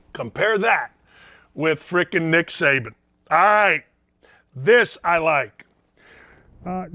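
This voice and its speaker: Fired-up ranting sports talk host. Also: male voice, high-pitched, bright, forceful tone. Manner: sarcastic. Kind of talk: opinionated sports commentary. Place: home basement studio.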